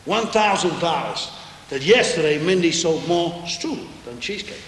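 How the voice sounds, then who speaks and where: An actor playing an anxious male gambling organizer with a New York Jewish accent, wheedling and excitable, in a stage musical. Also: a little high, normal speed, slight background noise. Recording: echoey stage from far off.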